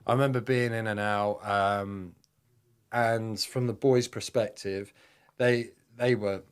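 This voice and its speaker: A man's voice: on the low side, fairly even intonation, slow pace, smooth. A man in his thirties, a podcast guest and army veteran, telling a rambling, vivid war story with plenty of swearing. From United Kingdom. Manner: acts out quotes in a raised voice.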